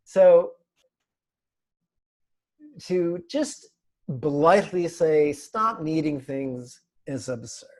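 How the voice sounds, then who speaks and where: A man teaching an online meditation class, speaking slowly and deliberately, with a playful manner and frequent laughs. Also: fairly high pitch, darkish tone. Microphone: video call.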